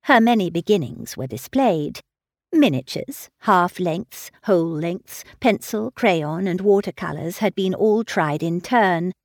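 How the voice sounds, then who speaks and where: A woman narrating a classic novel in a measured, expressive reading. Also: lowish voice, no echo, clean studio sound. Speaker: audiobook narrator. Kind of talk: scripted narration.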